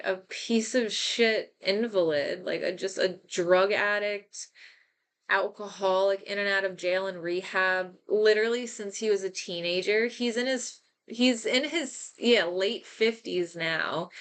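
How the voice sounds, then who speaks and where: A woman's voice: mid-range voice, fairly bright tone, clear, resonant tone. Candid, swearing woman talking live. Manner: candid, rambling, profane, quick asides. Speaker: host. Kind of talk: casual livestream monologue.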